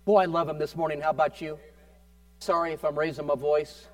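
A man's voice: on the high side, little pitch movement, fairly quick, dry recording, recorded from a distance. A man preaching a fervent sermon as pastor, often prompting the congregation with amen.

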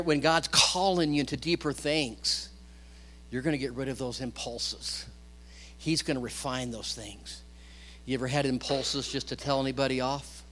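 A middle-aged male pastor preaching a sermon, animated, swinging between loud bursts and quiet asides. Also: medium pitch. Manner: animated preaching, rising and dropping loudness.

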